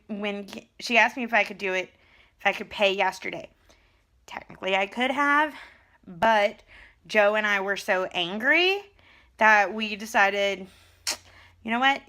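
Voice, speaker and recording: A young woman chatting casually to her camera in a vlog, telling a story in an animated way. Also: medium pitch. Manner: animated storytelling, retelling conversations. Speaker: vlogger. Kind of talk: casual chat.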